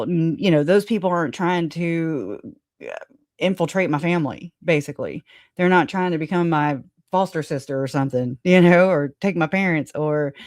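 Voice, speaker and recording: A woman's voice: deep voice, a little mellow, no echo, studio quality. A woman hosting a livestream in casual chat, rambling, laughing often and swearing casually. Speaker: livestream host.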